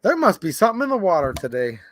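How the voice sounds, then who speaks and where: A man hosting a casual live stream, chatting and reading viewer comments aloud in an animated way. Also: sits high, quick pace. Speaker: livestream host. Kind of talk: casual livestream chat.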